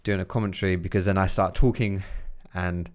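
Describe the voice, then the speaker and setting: A young man giving casual, swearing gameplay commentary, chatty and quick to laugh. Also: low voice, steady tone, darkish tone. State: out of breath. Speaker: gaming commentator.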